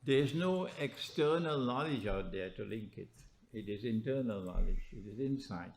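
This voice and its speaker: A man's voice: normal speed, slight background noise. Man preaching with pointed rhetorical questions. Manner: rhetorical, prodding questions with a teasing "huh?"; animated, emphatic delivery with pitch swings. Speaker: Islamic scholar lecturing. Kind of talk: religious lecture.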